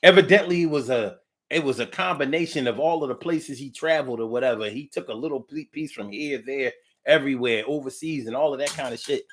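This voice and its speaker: A man hosts a livestream, reading viewer comments out loud and musing in a loose, drifting way, full of hums, restarts and the occasional swear word. His voice is medium-pitched and fairly bright, and he talks fairly quickly. He comes across as blunt, cursing casually.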